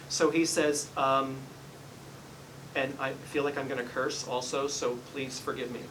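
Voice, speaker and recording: A man's voice: mid-range voice, steady tone, a little slow, far from the mic, noisy background. A man working as a psychic medium, giving a live reading in a salon and politely apologizing as he relays messages. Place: hair salon, indoors.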